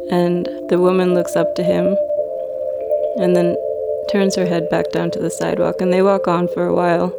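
A woman telling a personal story in a slow, reflective, dreamy way. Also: fairly low pitch, vocal fry. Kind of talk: personal story told to an audience. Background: loud music.

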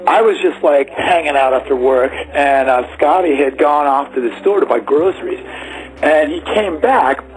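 Rambling, slightly high-voiced man storyteller. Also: normal speed, faint music behind, low-quality recording. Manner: rambling, many "like"s, acts out quotes. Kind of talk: casual personal storytelling.

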